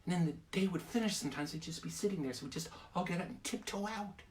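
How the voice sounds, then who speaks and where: Hushed, confiding male storyteller. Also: high voice, quick pace, slight background noise. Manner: conspiratorial, drops to a hush. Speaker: children's storyteller. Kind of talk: oral storytelling.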